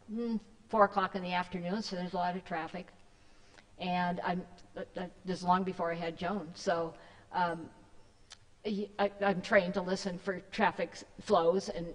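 A woman's voice: lowish voice, little pitch movement, normal speed, long reverb tail, poor audio. A woman giving a casual, rambling talk to a church group, with many fillers and restarts. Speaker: guest speaker. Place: church hall.

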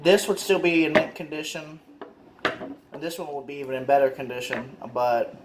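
A man's voice: a little high, level tone, normal speed, echoey room, noisy background. A man ranting in a casual vlog, frustrated and repetitive, swearing often. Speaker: car owner vlogger.

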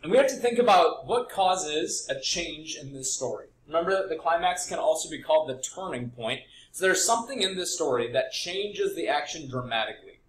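A man's voice: on the high side, expressive, a little fast, few pauses, a little hiss or hum. Man teaching in an echoey room. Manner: explanatory, often adds "right?". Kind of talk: recorded classroom lesson.

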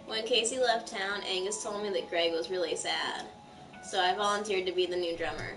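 A woman joins a game stream, joking and reading character lines. Her voice is roomy and set back from the mic. Game music plays clearly behind her. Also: medium pitch, moderate pace, a bit bright, recorded from a distance. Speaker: co-player, sister. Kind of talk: casual game playthrough.

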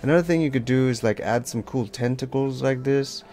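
Chill guy teaching a draw-along, gravelly voice, rambly and loose. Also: medium pitch, brisk, darkish tone, soft background music. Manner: rambling, loose, full of "like" and sound effects. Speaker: art teacher. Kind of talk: casual draw-along tutorial.

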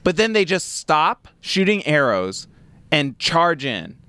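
A man's voice: a little high, slow pace, clear, resonant tone, no room sound. A man co-hosting a podcast, talking casually about a movie with frequent laughs and lots of "like". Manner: lively, laughs often, many "like" fillers. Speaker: podcast co-host.

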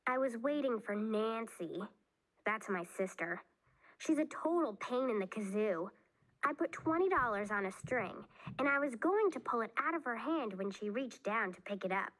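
A woman reading aloud, voicing a spirited, excitable young girl with high, squealing outbursts. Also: normal speed. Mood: lively.

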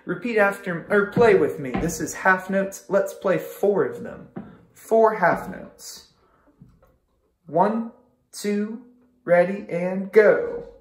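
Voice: medium pitch, slow. A string teacher leading an online music lesson, counting beats aloud with patient encouragement. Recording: echoey room with violin playing.

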